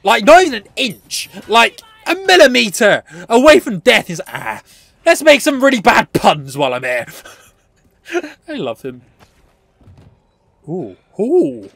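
Brief: man, very high voice with big swings, excitable let's play host, yells and curses, laughs a lot. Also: unhurried, creaky, pauses often, dry recording. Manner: excitable, yelling and swearing at the game; chatty asides to viewers, frequent laughter. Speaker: gaming channel host.

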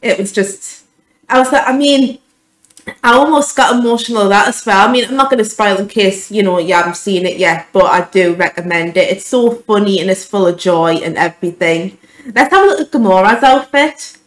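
Woman, young adult, excitable reaction vlogger, mid-pitched voice, roomy echo. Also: fairly quick. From United Kingdom. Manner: gushing and excitable, stumbling over words. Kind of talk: emotional trailer reaction.

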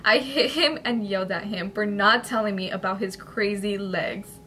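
A woman's voice: medium pitch, moderate pace, slight background noise. A woman YouTuber reading viewer-sent paranormal stories aloud, breaking off into emotional, chatty asides with tearful laughter. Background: soft background music.

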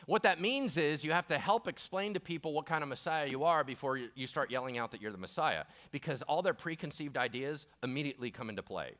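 Male pastor, comic sermon, bright and animated, slightly raised pitch. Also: fast talker, few pauses. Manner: animated and joking, acting out characters. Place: church sanctuary.

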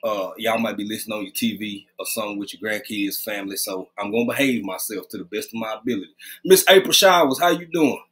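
A man's voice: on the low side, quick pace, fairly bright tone. A man hosting a casual live stream, greeting viewers by name in a loose, conversational way, talking close to his webcam at home. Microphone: webcam, leaning close.

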